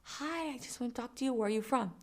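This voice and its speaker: A woman voicing a persistent father who softly begs a stranger for one picture. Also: very high-pitched, expressive, unhurried, voice pushed up, exaggerated voice. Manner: soft-spoken, wheedling, begging.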